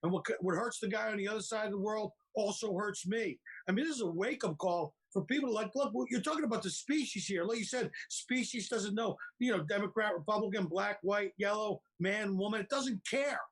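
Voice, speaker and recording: A comedian from rambles in an animated way on a video call. His voice sits high for a man. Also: fairly quick, hardly any pauses, husky. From Philadelphia. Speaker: comedian guest. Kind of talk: casual video call chat.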